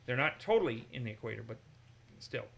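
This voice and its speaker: A man's voice: medium pitch, lively intonation, fast talker, creaky, fairly bright tone, slightly rough. A man teaching the Bible, reading the passage aloud and then breaking off to explain it with personal asides. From the north. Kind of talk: reading scripture aloud and commenting in a group discussion.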